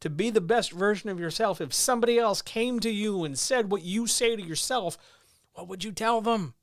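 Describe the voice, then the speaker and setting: A man's voice: high voice, normal speed, dry recording. Blunt, earnest man on a dry mic. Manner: blunt, earnest, swears freely. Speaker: streamer host. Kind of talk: candid motivational monologue. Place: at home with his cats. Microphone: talking into a microphone.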